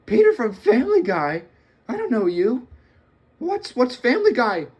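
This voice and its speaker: A squeaky, jittery cartoon teenager who stammers through every sentence, his voice leaping way up high. Anxious and eager, he talks in quick bursts with a lively, wobbling tone. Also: slightly rough, lo-fi sound, exaggerated voice. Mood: excited. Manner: stammering, high-pitched and excitable. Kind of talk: comedic cartoon impression.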